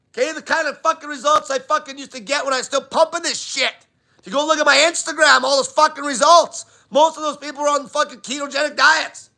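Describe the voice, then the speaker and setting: A man's voice: very high voice, gravelly, sharp tone. A man hosting a live diet Q&A, talking bluntly and swearing constantly in an emphatic rant. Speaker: diet channel host.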